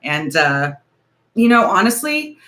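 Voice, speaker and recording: A woman's voice: fairly low pitch, sing-song, takes it slowly, fairly bright tone. A woman in her forties hosting a casual beauty livestream, talking in a nervous, rambling, hedging way. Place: home, ring light.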